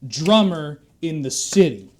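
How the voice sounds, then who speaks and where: A man voicing an upbeat drum instructor who pitches lesson packages like a salesman. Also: a little slow, a little mellow, close to an everyday voice. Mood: salesy.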